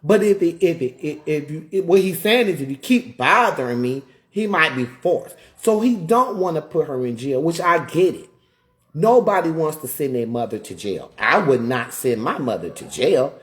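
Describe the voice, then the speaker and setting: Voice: medium pitch, animated, moderate pace. A live streamer ranting in heated commentary, repeating points, firing off rhetorical questions and breaking off to greet viewers. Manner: emphatic, repetitive, rhetorical questions; greets viewers mid-rant.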